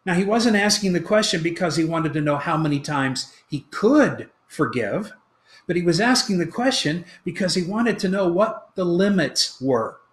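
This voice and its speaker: Animated male pastor in an echoey room. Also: high voice, normal speed. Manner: animated storytelling, acting out quoted lines. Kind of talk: sermon.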